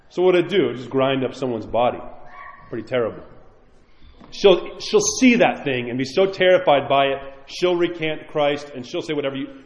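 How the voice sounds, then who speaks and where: A man preaching an animated storytelling sermon, repeating phrases for emphasis. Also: on the high side. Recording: echoey hall with long reverb.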